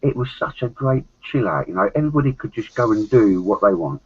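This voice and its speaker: A man's voice: on the low side, sing-song, brisk, slightly rough. A man with a Cockney accent chatting casually on a podcast, rambling with loose asides. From London. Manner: chatty, rambling, swears and laughs often. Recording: dull lo-fi audio.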